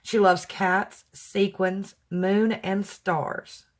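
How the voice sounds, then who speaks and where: A woman vlogger chatting warmly to her viewers as she opens handmade gifts, gushing and tender as she talks straight to them. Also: medium pitch, level tone, extremely slow. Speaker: crafting vlogger opening fan mail. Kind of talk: casual chat to camera.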